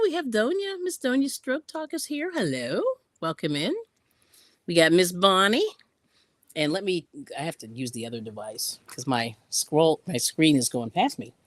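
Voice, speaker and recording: A woman's voice: fairly low pitch, big pitch swings, normal speed, no echo, studio quality. A woman hosting a casual craft live stream, chatting and laughing often as she reads out viewer comments while sewing in yarn ends.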